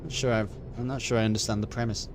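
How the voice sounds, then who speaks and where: A man's voice: mid-range voice, steady tone, quick pace, noisy background. A man streaming a video game, joking and sarcastic as he comments, with swearing. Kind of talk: casual let's-play commentary.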